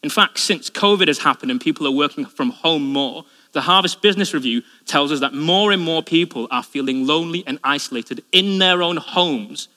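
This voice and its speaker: A young male pastor delivering a sermon in a church hall, his tone bright and forceful. He tells stories with animated acted-out dialogue, and his voice trails into a long hall reverb. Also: a little high. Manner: lively storytelling with acted-out dialogue.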